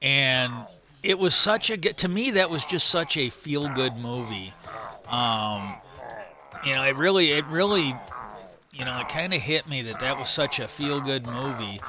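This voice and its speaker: A man's voice: mid-range voice, lively intonation, unhurried, crowd noise. A middle-aged man chatting casually on a live stream while gaming, retelling a story in a rambling, stop-start way.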